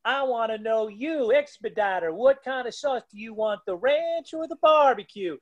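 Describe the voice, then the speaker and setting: Man doing a Southern lunch lady, high voice, pushy drawl, big older woman. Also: expressive, moderate pace, muffled recording. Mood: insistent.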